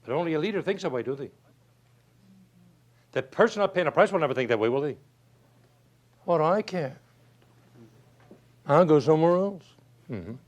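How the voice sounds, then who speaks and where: A man's voice: fairly high pitch, animated, normal speed, pauses often. A man giving a folksy motivational speech, full of rhetorical questions and stories. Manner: emphatic, rhetorical questions, storytelling. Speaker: motivational speaker.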